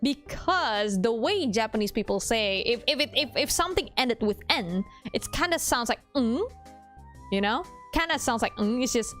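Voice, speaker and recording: A woman's voice: fairly high pitch, animated, normal speed, few pauses, a bit bright, soft background music. A woman streaming a visual novel, chatting casually, swearing freely, laughing often and nerding out about languages. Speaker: game streamer. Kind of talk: casual live gaming commentary.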